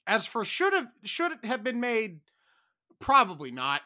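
A man co-hosting a podcast in casual chat, animated and given to exaggerated, dramatic outbursts. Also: high voice, measured pace. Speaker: podcast co-host.

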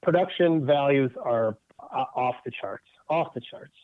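A man's voice: medium pitch, unhurried, a crowd in the background. A middle-aged man co-hosting a casual podcast, enthusiastic and prone to repeating himself. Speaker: podcast co-host. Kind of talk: casual chat. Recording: dull dry audio.

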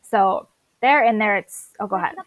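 A woman's voice: mid-range voice, moderate pace, no echo, low-quality recording. A woman co-hosting a casual podcast, recapping a TV episode in a chatty way and acting out bits of dialogue. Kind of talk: casual chat.

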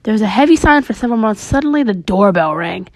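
Brief: woman storyteller, deadpan and brisk, dry close sound. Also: medium pitch, no room sound, low-quality recording. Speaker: podcast storyteller. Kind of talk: reading a spooky comic story aloud.

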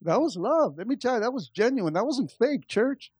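A man's voice: very high voice, sing-song, moderate pace, a little mellow, breathy edge, dry recording. A man pastor preaching a conversational sermon, calling out to the church and building to impassioned stretches. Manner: impassioned, rising in volume.

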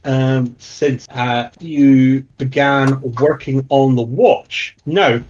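A man's voice: mid-range voice, a little mellow. Hesitant male game master on a dull line. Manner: halting, lots of fillers and restarts, chuckling. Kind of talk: narrating a tabletop role-playing game.

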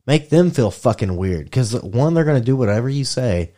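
A man's voice: medium pitch, very animated, normal speed, mellow. A man in casual chat, joking crudely, laughing often and acting out what he would say in made-up situations.

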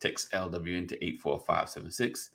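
A man's voice: low voice, moderate pace, vocal fry, fairly bright tone. A man hosting a casual podcast, joking and laughing with his guests before reading out the sign-off plugs. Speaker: podcast host.

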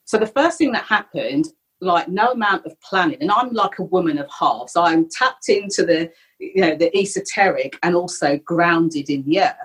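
Middle-aged woman, low and slightly husky, candid guest sharing a personal story. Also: normal speed, rough recording. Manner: candid, reflective, animated when retelling. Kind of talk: personal storytelling in a podcast interview.

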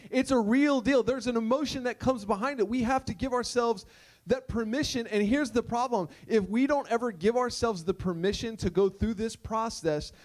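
A male pastor delivering a conversational sermon, emphatic and full of repeated rhetorical questions. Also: sits high.

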